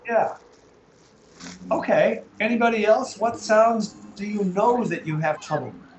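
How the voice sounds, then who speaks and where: A man's voice: high voice, measured pace. A man teaching English pronunciation in a live class, asking learners short questions with patience. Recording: roomy echo, faint background noise.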